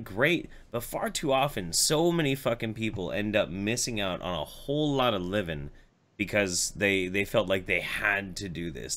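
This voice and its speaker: A man's voice: on the low side, a bit bright. A man hosting a call-in podcast, reading viewer messages and chatting casually with frequent swearing. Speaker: host. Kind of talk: casual chat.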